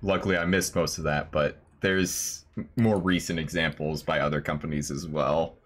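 A man's voice: extremely low pitch, fairly even intonation, moderate pace, a bit bright. A man hosting a casual chat, laid-back and sympathetic, easily amused by his guest. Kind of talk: casual conversation.

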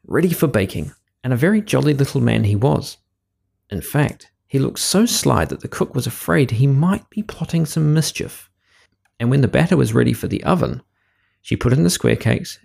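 A man reading a children's story aloud in a lively, expressive way. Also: medium pitch, vocal fry, husky.

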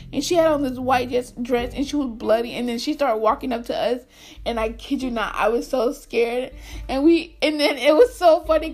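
High-voiced woman telling a funny story. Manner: animated, laughs through her story, talks to viewers. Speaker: vlogger. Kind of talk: storytime vlog.

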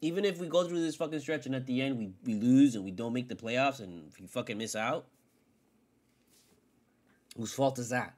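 A man hosting his own sports podcast alone, ranting with constant swearing, jumping from loud outbursts to low mutters. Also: normal speed, long pauses. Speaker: podcast host. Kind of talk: solo sports rant.

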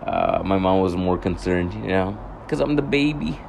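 A man's voice: sits low, expressive, moderate pace, creaky, a little mellow, slight background noise. A young man telling a casual, rambling story to his viewers, swearing often, correcting himself and laughing at his own anger.

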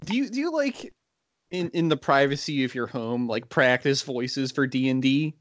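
A man's voice: medium pitch, animated, moderate pace, no room sound, highs cut off. A young man co-hosting a casual podcast with friends, laughing often and restarting his sentences as he rambles. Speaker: podcast co-host. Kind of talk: casual chat.

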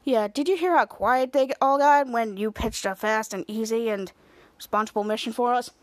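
A cocky male superhero leader, smug and coaxing, pitching his plans as if they were a favour, as a woman puts him on. The voice sits high and is dry, with no room behind it. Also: expressive, moderate pace, a bit bright, no echo. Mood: scheming.

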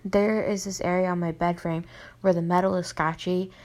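A woman's voice: on the low side, steady tone, normal speed, darkish tone, close to an everyday voice. A young woman voicing a frightened, hurt teenage girl in her storybook reading, who pleads and explains nervously.

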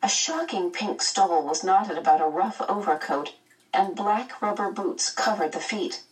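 A woman narrating a children's novel aloud in a measured, expressive way. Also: mid-range voice, far from the mic, rough recording. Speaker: audiobook narrator. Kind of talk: storybook narration.

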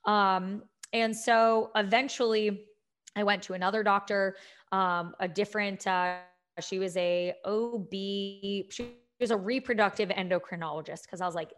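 A woman's voice: medium pitch, moderate pace, fairly bright tone. A young adult woman, a health and fitness coach, telling a personal story candidly with many fillers and restarts. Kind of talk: personal story, casual talk.

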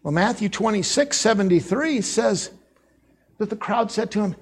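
A man with a Midwest accent preaching a sermon in a church, telling the story with lively acted-out voices and accents. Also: high voice, normal speed, slightly rough. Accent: American Midwest. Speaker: pastor. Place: church sanctuary.

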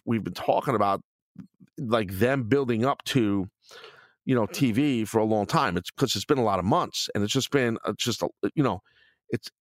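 Blunt, rambling middle-aged host. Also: male voice, medium pitch, no echo, clean studio sound. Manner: blunt, rambling, swears, many fillers and restarts. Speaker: podcast host answering listener questions. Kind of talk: casual opinion talk.

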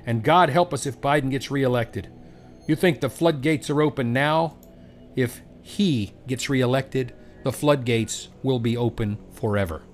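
A man's voice: mid-range voice, unhurried, faint music behind. A man hosting a political commentary monologue, scornful and emphatic, repeating words for effect.

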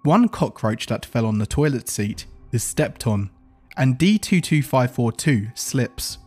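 A man giving scripted horror narration in an even, report-like reading style. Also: mid-range voice, measured pace, husky, soft background music.

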